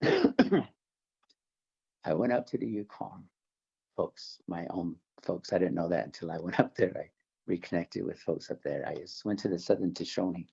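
An older man from the Navajo Nation speaks in an earnest, halting testimony, often repeating himself as he restarts. His voice sits very low, with a gravelly, husky texture and a dark tone. The recording sounds somewhat dull and lo-fi. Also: animated. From Navajo Nation, American Southwest. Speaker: interview guest. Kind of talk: religious testimony interview.

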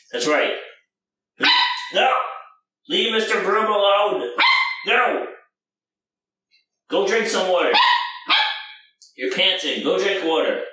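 A man making a casual home vlog at night, playfully scolding his dog and jumping into a high sing-song voice. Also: pushed and bright. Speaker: vlogger. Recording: echoey room, voice far from the mic, faint noise.

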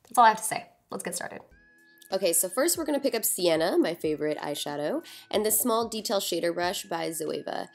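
A woman's voice: lowish voice, lively intonation, fairly quick, soft background music. A young woman chatting casually through a makeup tutorial, joking at herself and sounding a little sleepy. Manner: chatty, self-deprecating, talks through each step. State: sleepy, just woke up. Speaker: beauty vlogger.

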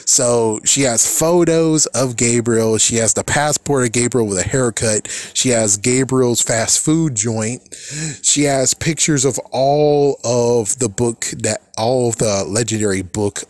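A man's voice: medium pitch, measured pace, a little mellow, dry recording. A man casually recapping a cartoon episode, exasperated and swearing, often laughing at the characters. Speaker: cartoon reaction commentator.

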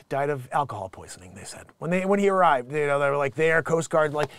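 A man hosting a comedy news show, riffing and rambling with jokey asides between loud bursts and mutters. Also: on the high side, lively intonation, moderate pace, clear, resonant tone, no room sound.

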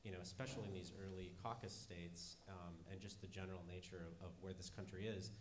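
A man, a newspaper journalist on a panel, explaining his point in a quick, conversational way. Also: sits low, fairly even intonation, slight background noise. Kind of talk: panel discussion answer.

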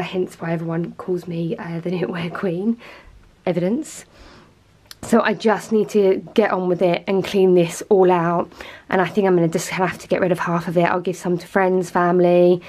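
A woman's voice: mid-range voice, darkish tone. A woman chatting casually in a home vlog, rambling and self-mocking as she talks. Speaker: vlogger. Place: home walk-in closet.

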